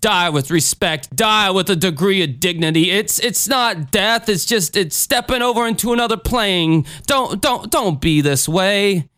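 A man voicing a middle-aged cult leader who pleads and stammers in drawn-out phrases. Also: sits high, expressive, pushed and bright, no room sound, studio quality, pitched above the performer's own voice, exaggerated voice. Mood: pleading.

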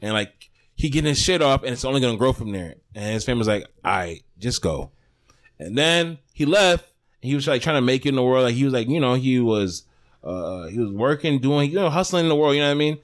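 A man co-hosting a podcast, talking in loose, rambling casual chat. He swears freely and breaks into laughter often, at an everyday middle pitch. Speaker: podcast co-host.

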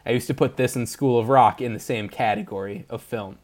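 A man's voice: medium pitch, a little fast, darkish tone. A young man hosting a podcast, chatting casually, rambling through jokes and laughing often. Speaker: podcast host. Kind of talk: casual chat.

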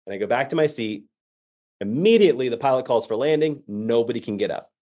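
Animated male motivational storyteller. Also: medium pitch, fast. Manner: animated storyteller acting out quoted voices. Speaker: keynote speaker.

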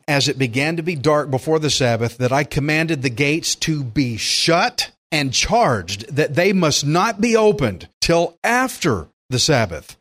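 Folksy older male pastor, higher voice. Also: very animated, measured pace, hardly any pauses, fairly bright tone. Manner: folksy and emphatic, acts out quotes. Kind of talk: verse-by-verse Bible teaching.

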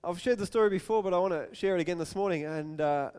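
High-voiced pastor in a reverberant hall. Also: male voice, fast talker, smooth. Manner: storytelling, acts out quotes with sudden loud raised-pitch outbursts. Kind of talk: sermon.

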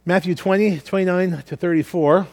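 A man's voice: high voice, steady tone, normal speed, darkish tone. A man preaching a sermon earnestly, often repeating words as he works through his thoughts. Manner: earnest, repeats words while thinking aloud. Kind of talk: sermon with scripture reading.

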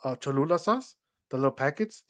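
A man's voice: mid-range voice, lively intonation, brisk. A young man co-hosting a podcast in casual chat, telling rambling stories full of "like" and acting out what others said. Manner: rambling storyteller, acts out quoted voices, many "like" fillers. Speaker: podcast co-host.

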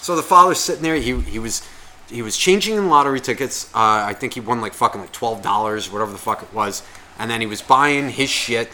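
A man's voice: mid-range voice, fairly quick, slight background noise. A man co-hosting a podcast, telling a casual story full of swearing and acting out the voices of people in it. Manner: profane, animated, acts out quoted voices. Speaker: podcast co-host.

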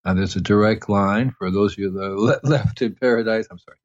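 A man with a fairly low voice hosts a casual gardening radio show, talking loosely and circling back with fillers and restarts. The sound is dull and lo-fi, with music running under his voice. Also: brisk. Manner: rambling, many fillers and restarts.

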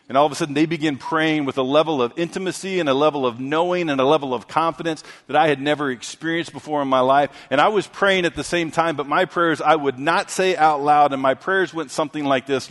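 A man preaching a sermon, telling a story and swinging from loud, emphatic lines to hushed ones. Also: fairly high pitch, moderate pace. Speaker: pastor. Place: church sanctuary. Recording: long hall reverb.

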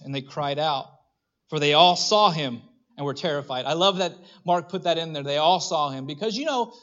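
A man preaching a sermon, animated and conversational, acting out little voices and restarting his phrases. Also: a little high, lo-fi sound. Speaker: pastor.

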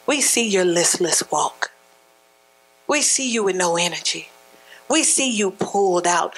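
High-voiced woman preaching emphatically. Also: slightly rough, rough recording. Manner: emphatic, rising to shouts, colloquial and conversational. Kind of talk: sermon.

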